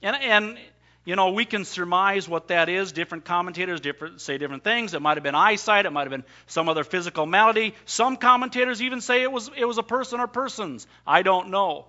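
High, bright-voiced preacher. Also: male voice, quick pace, muffled recording. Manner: emphatic preaching, voices scripture in first person. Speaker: pastor. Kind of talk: sermon.

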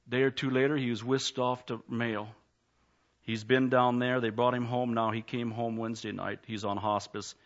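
A man's voice: medium pitch, little pitch movement, normal speed. A man, a pastor, preaching a sermon in a church, plainspoken and folksy, telling a story before a rising altar call. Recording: slightly dull lo-fi sound.

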